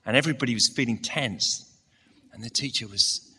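A man's voice: on the low side, a little fast, sharp tone, slightly rough. A man giving a sermon to a church congregation, telling a story and asking the listeners direct questions. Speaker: preacher. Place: church service, large hall. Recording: long hall reverb.

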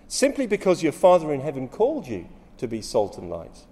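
Male preacher, animated pitch, dramatic sermon delivery, hall reverb. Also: normal speed. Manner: dramatic, rising to loud emphatic quotes.

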